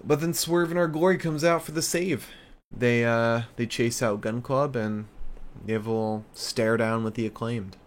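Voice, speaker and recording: A man's voice: mid-range voice, normal speed. A man giving a casual video recap of a wrestling show, loose and chatty, with plenty of fillers.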